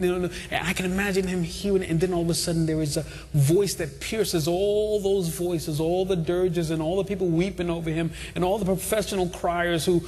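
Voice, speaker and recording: Preaching to a congregation in a church hall, a man speaks with an impassioned, repetitive cadence. His voice is high-pitched with a darkish tone, and the recording carries long hall reverb.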